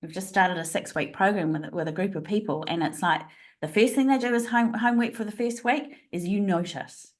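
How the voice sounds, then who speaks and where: A woman guest on a podcast interview speaks over a remote call at a middle pitch. She tells her stories expressively and laughs often as she explains. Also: fairly quick. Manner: expressive storytelling with frequent laughs. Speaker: guest, leadership trainer.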